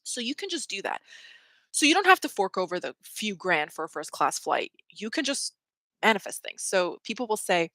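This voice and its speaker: A woman with a mid-range, sing-song voice talks at normal speed, her tone pushed and bright, with no room sound. She's a livestream host telling a rambling story in casual chat, leaning heavily on "like" and laughing mid-sentence.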